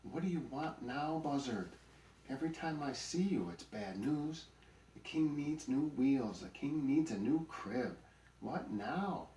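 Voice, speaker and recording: A man's voice: fairly low pitch, animated, normal speed, a little mellow, a little hiss or hum, lightly acted. A man voicing a grumpy, greedy male donkey in a storybook, grumbling and sarcastic. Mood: irritated. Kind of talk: storybook character voice. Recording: roomy recording, mic at a distance.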